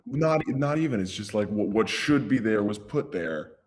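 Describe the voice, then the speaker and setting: A man's voice: lowish voice, animated, normal speed. A man playing a tabletop game in character, rambling and stumbling over his words as he jokes. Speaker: player.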